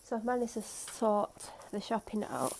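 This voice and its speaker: A woman's voice: medium pitch, very animated, moderate pace, creaky, darkish tone, slight background noise. A woman vlogging at home on a clip-on mic, ill and tired, chatting in a rambling, self-mocking way. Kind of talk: casual chat. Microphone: clip-on microphone.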